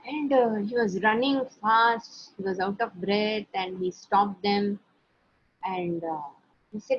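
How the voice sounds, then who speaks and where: A woman narrates a spiritual story to her class in a relaxed, conversational way, breaking off for asides to her listeners. Her voice is slightly husky and sits mid-range in pitch. The lo-fi recording sounds dull. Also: slow. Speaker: teacher.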